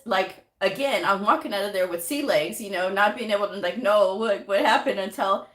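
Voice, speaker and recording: A woman giving a casual motivational talk to camera, chatty and animated, telling stories with quoted asides. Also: medium pitch, normal speed, few pauses. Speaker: medical coding vlogger. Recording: echoey room.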